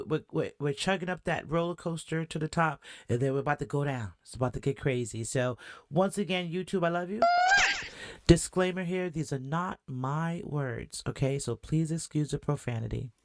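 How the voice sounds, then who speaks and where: Casting: woman podcast host, talkative and animated, close dry mic. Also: sits low, normal speed, dry recording. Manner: chatty, animated, asks the audience questions. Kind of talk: reaction commentary.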